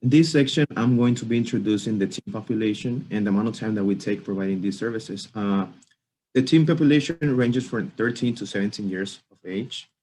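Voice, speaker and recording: A man's voice: lowish voice, fairly quick, mellow, rough recording. A man lawyer beginning a formal conference presentation, with a few filler sounds. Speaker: immigration attorney.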